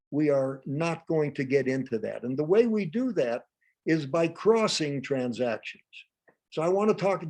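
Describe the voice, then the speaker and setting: A man presenting a live workshop in a quick, lively, humorous way. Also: on the high side. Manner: fast, lively, humorous delivery; acts out example dialogues with a raised voice.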